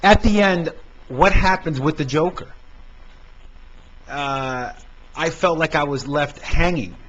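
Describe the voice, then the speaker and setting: A man's voice: on the high side, slow, fairly bright tone. A man hosting a casual film review podcast, talking hesitantly with many fillers and restarts. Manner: hesitant, stammering, lots of fillers. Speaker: podcast host. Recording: dull lo-fi amateur podcast recording with faint noise.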